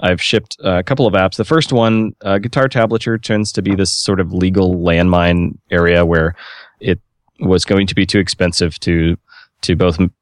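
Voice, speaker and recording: A man's voice: sits low, fairly even intonation, normal speed, dry recording, clean studio sound. A man chatting on a podcast panel, telling his story at an easygoing pace with plenty of filler words. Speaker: podcast panelist, software developer. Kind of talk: casual podcast chat.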